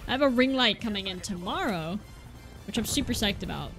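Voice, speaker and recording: A young woman giving excitable live gameplay commentary from a room at home, exclaiming and repeating words in bursts. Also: medium pitch, fairly quick, faint music behind. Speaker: gaming YouTuber.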